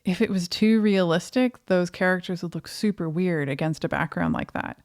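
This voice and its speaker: A woman's voice: lowish voice, moderate pace, a little mellow. A woman co-hosting a film review podcast, talking casually and thoughtfully with frequent fillers. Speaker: podcast co-host.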